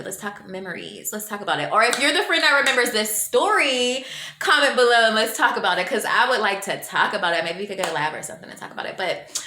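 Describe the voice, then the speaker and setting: A woman tells a story to her camera in a loose, slangy way. She acts out what other people said, and her voice climbs when she gets excited. The room is echoey, with a little noise underneath. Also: mid-range voice. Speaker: vlogger telling a story.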